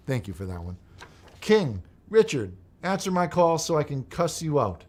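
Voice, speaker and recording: A man's voice: on the high side, big pitch swings, moderate pace. Ranting mock-preacher host, a man. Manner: swings from mumbled reading to loud exasperated ranting. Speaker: host of a call-in show. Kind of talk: comedic mock-preacher call-in show.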